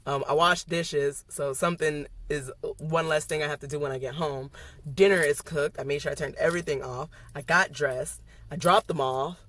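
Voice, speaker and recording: A woman's voice: low-pitched, steady tone, moderate pace, a bit bright. A young woman, a nursing student, talking to her phone camera in a car, chatty and talking herself through her nerves. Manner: chatty, self-talk, anxious then relieved. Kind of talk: casual vlog chat. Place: in a car, then a parking deck. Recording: noisy car recording. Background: car and road noise.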